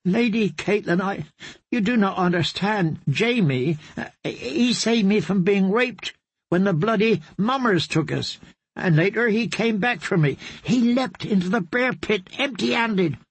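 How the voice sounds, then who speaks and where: A woman's voice: medium pitch, lively intonation, unhurried, breathy edge, dry recording, pitched above the performer's own voice. A man doing an earnest, pleading woman knight. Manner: pleading, stammering oaths.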